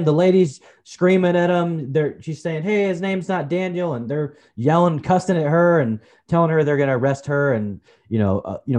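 A man in his forties, a podcast guest, telling personal stories in a relaxed, chatty way, often saying "you know" and calling the host brother. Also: medium pitch. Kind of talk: personal storytelling in a conversation.

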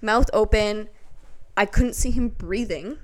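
A young woman co-hosting a podcast, telling a story in lively casual chat with lots of fillers. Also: mid-range voice, takes it slowly. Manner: animated storyteller, filler-heavy. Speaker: podcast co-host.

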